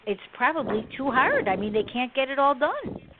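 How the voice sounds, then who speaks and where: Expressive woman host on a phone line. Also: high voice, moderate pace. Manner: expressive, laughs easily. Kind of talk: casual chat on a call-in show. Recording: tinny phone line with faint noise.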